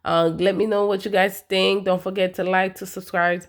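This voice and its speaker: A woman's voice: mid-range voice, flat delivery, moderate pace. A woman giving a casual, emphatic, slangy recap of a reality TV episode, talking straight to her viewers. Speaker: TV recap vlogger.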